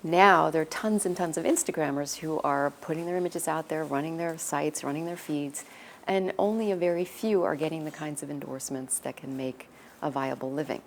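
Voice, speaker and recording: A woman's voice: low voice, a little fast, a little hiss or hum. A woman academic explaining her research in a thoughtful, explanatory way during an interview. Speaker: fashion academic. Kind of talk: interview answers.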